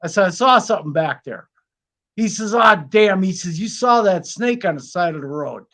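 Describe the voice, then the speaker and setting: A man's voice: high voice, animated, moderate pace, fairly bright tone. A man from Wyoming chatting casually on a live stream and telling laid-back stories. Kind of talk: casual chat.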